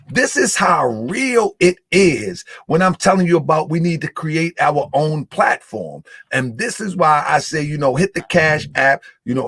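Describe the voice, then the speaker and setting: A man's voice: mid-range voice, a bit bright, breathy edge, dry recording, studio quality. A man hosting a live stream, talking casually and loosely to his audience, repeating himself as he works his screen. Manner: loose, repetitive, talks the audience through the screen. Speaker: host.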